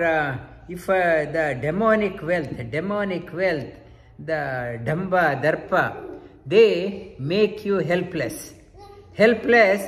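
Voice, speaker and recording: High-voiced man giving a slow scripture lecture. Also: long reverb tail. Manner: repeats key phrases emphatically, weaves in Sanskrit terms. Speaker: spiritual teacher.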